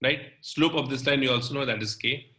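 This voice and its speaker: A male chemistry teacher walks through a lecture slowly, step by step, checking in with "okay" and "right". His voice is very bright and sharp. The recording carries a noticeable room echo. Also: medium pitch. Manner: slow, step-by-step explaining with frequent "okay" and "right". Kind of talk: recorded lecture explaining on a board.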